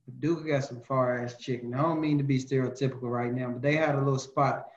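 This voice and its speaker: A man co-hosts a podcast in relaxed, slangy chat. His voice comes through a dull, muffled mic in a room that echoes. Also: mid-range voice, quick pace. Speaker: podcast co-host. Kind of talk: casual chat.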